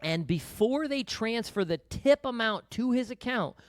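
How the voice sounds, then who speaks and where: A middle-aged man hosts a financial podcast in a studio, his voice extremely high-pitched with lively intonation and a slightly slow pace. He talks conversationally, sharing personal anecdotes and interjecting to sum up points. The recording is dry and studio quality.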